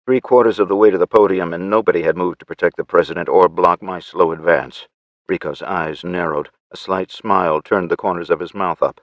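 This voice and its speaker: A man narrating an audiobook in first person with measured, steady storytelling. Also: deep voice, dry recording, dull audio.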